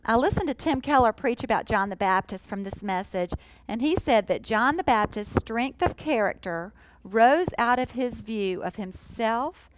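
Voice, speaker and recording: A woman teaching a sermon in an earnest, emphatic way, slowing down to stress key phrases. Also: on the high side, low-quality recording. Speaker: Bible teacher.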